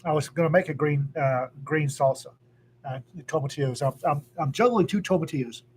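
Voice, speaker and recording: A man's voice: on the high side, fairly quick, a little hiss or hum. A man chatting casually as a podcast co-host, rambling with many restarts. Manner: rambling, frequent restarts and fillers. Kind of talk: casual chat.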